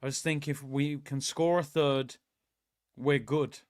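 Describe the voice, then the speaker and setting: A young man hosting a live football watchalong, chatting about the match and reading out viewers' comments, often yelling at the players. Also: medium pitch, takes it slowly, dry recording, clean studio sound. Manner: excitable, shouts at the players during attacks. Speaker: watchalong host.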